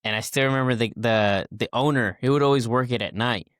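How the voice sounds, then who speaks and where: A man's voice: medium pitch, fairly quick, fairly bright tone, no echo, studio quality. A man in his twenties, a podcast guest, telling a casual story and acting out the people in it with many fillers and restarts.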